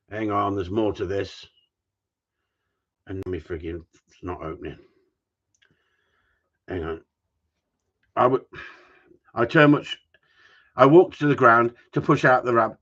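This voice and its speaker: A man's voice: lowish voice, a bit bright, lo-fi sound. A middle-aged man answering viewers' questions about gundog training, blunt and rambling, swearing casually. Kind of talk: live stream Q&A chat.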